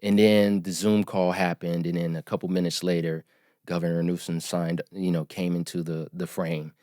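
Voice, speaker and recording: A man in his forties, a podcast guest, telling his story in an earnest, emphatic, measured way. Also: sits low, level tone, mellow, dry recording, clean studio sound. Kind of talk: storytelling interview.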